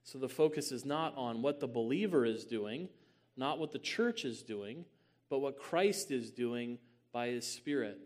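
A man giving a theological teaching talk as a church teacher, measured with many "um"s and rising at times to a booming emphasis. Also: darkish tone.

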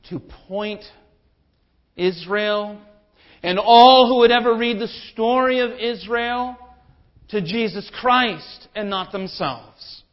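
A man's voice: sits high, slow, muffled recording. A man preaching a sermon as pastor, building to emphatic rhetorical questions.

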